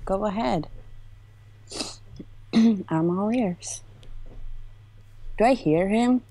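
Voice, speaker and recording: A woman's voice: medium pitch, extremely slow, mellow. A woman co-hosting a casual livestream, talking in a giggly, playful, teasing way. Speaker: streamer's co-host.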